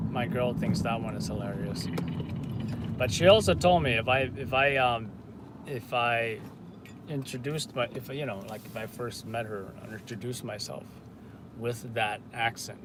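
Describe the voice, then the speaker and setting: A man's voice: medium pitch, background noise. Joking man livestreaming from a car. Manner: rambling and joking. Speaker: livestream host. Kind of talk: casual livestream chat. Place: in a car on city streets.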